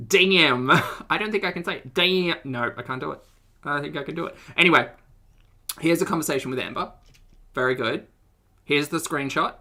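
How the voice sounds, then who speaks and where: Speaking straight to her chat while reacting to videos, this young streamer keeps things casual, giggling a lot and breaking off to start over. Her very deep voice sounds pushed and bright.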